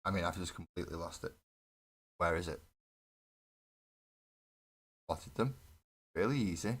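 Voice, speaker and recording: A man's voice: low voice, measured pace. A man chatting casually on a live stream while he builds a miniature model, rambling, mocking himself and swearing freely. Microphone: desk webcam setup.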